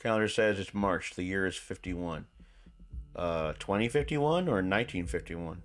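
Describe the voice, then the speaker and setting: A man's voice: low-pitched, animated, normal speed. A man streaming a video game, chatting casually, joking and reading lines aloud. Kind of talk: casual playthrough commentary.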